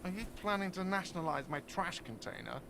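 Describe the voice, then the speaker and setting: A grumpy, defensive bar manager in a video game. His voice sits somewhat high and his replies are short. Game ambience hisses clearly underneath. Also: expressive, brisk. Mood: curt. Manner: curt and defensive. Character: grumpy, tight-fisted male hostel manager. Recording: game audio with noisy ambience.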